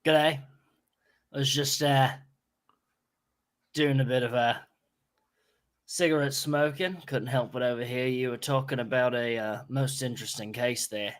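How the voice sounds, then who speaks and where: A man's voice: medium pitch, fairly even intonation, a little slow, long pauses, close to an everyday voice. A man with an Australian accent voicing a brash, violent male escaped convict who boasts and swaggers as he tells his tale. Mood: swaggering.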